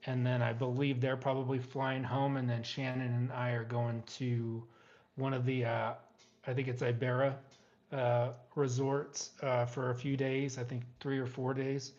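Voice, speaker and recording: A middle-aged man hosting a casual live stream from home, talking in a halting way with many fillers. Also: mid-range voice, little pitch movement, darkish tone, muffled recording.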